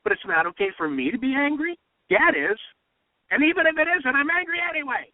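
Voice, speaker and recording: A man's voice: extremely high pitch, very animated, fairly quick, no echo. A man hosting a political talk radio show, emphatic and impassioned, often repeating himself. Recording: dry, phone-like radio sound.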